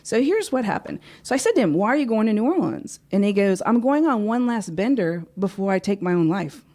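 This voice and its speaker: A woman with a mid-range, brisk voice, a life coach appearing as a guest, shares a personal story in a studio interview. She's an animated storyteller who acts out the dialogue, picked up on a studio microphone.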